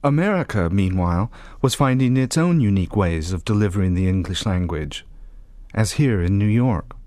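A man narrating a documentary in a measured, clear way. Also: on the low side, animated, warm tone, no echo. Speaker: documentary presenter.

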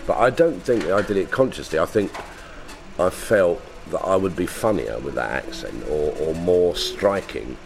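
A man's voice: low-pitched, expressive, normal speed, gravelly, darkish tone, a little hiss or hum. A man with a South London accent, a comedian talking casually in an interview, rambling with restarts. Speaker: comedian guest. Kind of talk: conversational interview.

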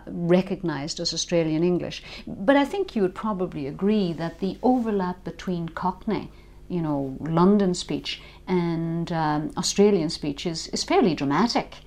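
An Irish woman explaining language history in an interview, thoughtful and with small hesitations. Her voice sits a little low for a woman. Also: darkish tone. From Ireland. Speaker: language expert.

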